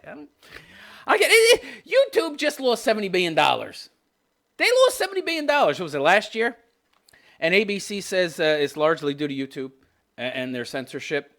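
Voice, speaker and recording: A man in his fifties hosts a political commentary show. He rants, swears freely and turns sarcastic, often laughing at his own jabs. His pitch is wildly animated, leaping up and down constantly. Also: vocal fry. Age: 50s.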